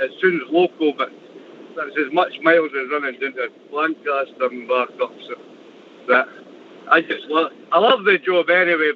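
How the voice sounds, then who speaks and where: An older man from Fife with a Scottish accent, calling a radio show from his truck in a chatty, rambling way. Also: fairly high pitch. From Fife, Scotland. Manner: chatty, repeats words when starting a thought. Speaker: caller, truck driver. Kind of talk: casual call-in chat. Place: in his truck while driving. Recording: muffled call line, faint noise.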